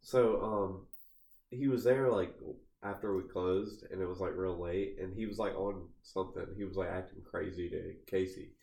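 A man with a lowish voice tells a story in loose, casual podcast chat. He rambles, restarts sentences and fills his speech with "like" and "uh." The room around him is noticeably echoey. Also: steady tone, normal speed, gravelly, a little mellow. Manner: rambling, heavy use of "like" fillers, restarts mid-sentence. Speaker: podcast co-host.

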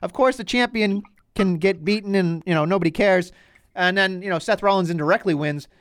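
A man's voice: high voice, a little fast, fairly bright tone, no room sound. A man co-hosting a podcast in casual chat, ranting animatedly and swearing freely. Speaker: podcast co-host.

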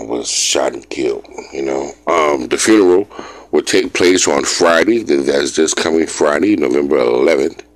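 Male host, very deep bass voice, laid-back delivery, loose conversational news rundown. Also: no echo. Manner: laid-back, chatty, repeats "you know what I'm saying". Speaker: show host. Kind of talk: casual news commentary.

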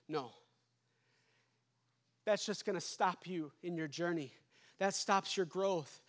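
A man preaching a sermon as pastor, building to shouts and dropping to hushed endings. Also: high-pitched, takes it slowly, long pauses.

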